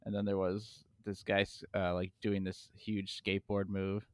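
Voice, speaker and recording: A man with a low voice asks the others questions and teases them on a podcast. The sound is dry and close. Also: completely flat delivery, normal speed, clear, resonant tone, no echo. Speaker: podcast co-host. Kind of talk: casual chat.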